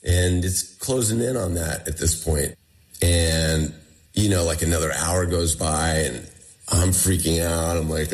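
A man with a low voice tells his survival story as a guest in a conversational interview, keeping a measured pace. His retelling is animated, and he acts out the dialogue of the people he quotes.

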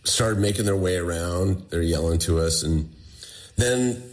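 A man's voice: sits low, measured pace. A man recounting a personal ordeal in a conversational interview, acting out what others said. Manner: animated retelling, acting out quoted dialogue. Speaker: guest telling his survival story. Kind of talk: conversational storytelling.

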